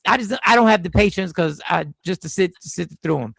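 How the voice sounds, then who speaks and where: A man hosting a casual podcast chat, talking in an animated, emphatic way with frequent restarts. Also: high voice, fast, gravelly, few pauses, dry recording. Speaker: podcast host.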